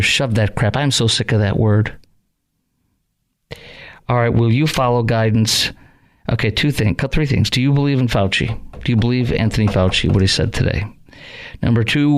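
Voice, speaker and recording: A man hosting a talk radio show, ranting with rising anger and then settling into calm talk to callers. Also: lowish voice. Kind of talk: opinionated talk radio monologue.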